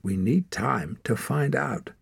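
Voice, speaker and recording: A man's voice: medium pitch, animated, takes it slowly, gravelly, husky, no room sound, pitched above the performer's own voice, full character voice. A man voicing a suspicious, insistent young girl in a storybook. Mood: urgent. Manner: urgent, insistent.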